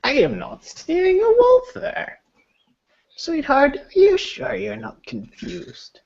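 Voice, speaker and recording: A woman's voice: high voice, wildly swooping pitch, slow, a little mellow, voice pushed up, full character voice. A woman voicing a concerned, cranky-voiced old homeless woman who fusses and shushes. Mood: fussing concerned. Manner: fussing, soothing, shushing. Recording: dull lo-fi sound.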